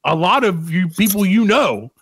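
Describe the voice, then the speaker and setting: A man's voice: high voice, big pitch swings, normal speed, fairly bright tone, breathy edge, no echo. A man co-hosting a comedy podcast, rambling through self-deprecating stories in casual banter. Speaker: podcast co-host.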